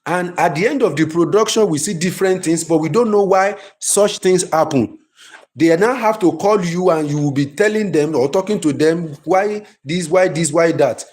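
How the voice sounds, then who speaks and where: Emphatic high-voiced man teaching. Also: normal speed. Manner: lively, emphatic, repeats himself. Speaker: film writing teacher. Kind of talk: live-streamed class.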